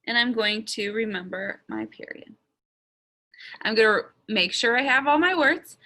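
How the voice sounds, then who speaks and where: A woman from Ohio teaching a slow early-grade writing lesson, sounding out letters and words deliberately. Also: medium pitch, pushed and bright. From Ohio, USA.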